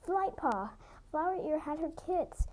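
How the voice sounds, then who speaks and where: A young woman voicing an excitable, kiddish young female cat warrior in her fan story. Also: sits high, unhurried, voice pushed up. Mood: excited. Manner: excited, giggly.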